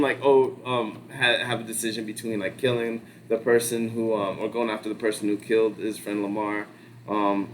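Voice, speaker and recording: Low-voiced man rambling casually. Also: darkish tone, a little hiss or hum. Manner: rambling, filler-heavy, swears freely. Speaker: podcast co-host. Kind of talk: casual pop-culture discussion.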